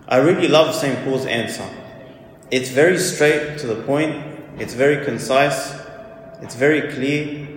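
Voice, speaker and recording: A man's voice: medium pitch, measured pace, slight background noise. Man preaching a homily in an echoey church. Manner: earnest storytelling, repeats key questions.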